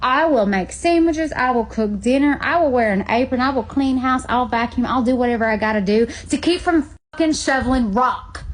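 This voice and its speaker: A woman's voice: high-pitched, moderate pace, hardly any pauses, poor audio. A woman ranting in a vlog, profane and exasperated.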